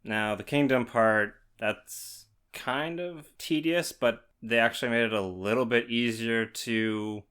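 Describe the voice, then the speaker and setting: A man co-hosting a casual gaming podcast, explaining game mechanics in a relaxed, wry way. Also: medium pitch, a little slow, hardly any pauses, smooth. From Canada. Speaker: podcast co-host. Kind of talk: casual chat.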